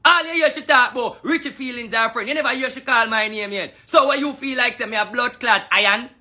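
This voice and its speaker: A man's voice: very high-pitched, a little fast, pushed and bright. A man with a Jamaican accent delivering a heated, profane rant in patois, full of repeated taunts. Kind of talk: angry ranting monologue.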